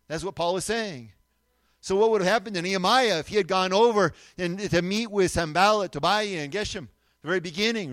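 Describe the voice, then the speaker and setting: A man preaching a sermon, emphatic, moving between loud declarations and quiet asides and asking the audience to answer back. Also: high voice, dry recording. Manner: asks the audience questions and has them repeat after him.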